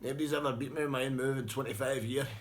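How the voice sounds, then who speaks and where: A man's voice: mid-range voice, fairly even intonation, very fast, voice pushed up, natural voice. A man voicing a boastful pub brawler who swaggers and repeats himself. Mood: gracious. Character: boastful pub brawler, proud of his eye-gouge.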